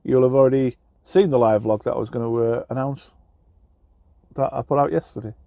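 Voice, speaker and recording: A man's voice: medium pitch, steady tone, brisk, gravelly, no echo, dull audio. A man from England who drives trucks, chatting casually in a rambling, self-deprecating way with lots of fillers and restarts, recorded in his truck cab. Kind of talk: casual vlog chat.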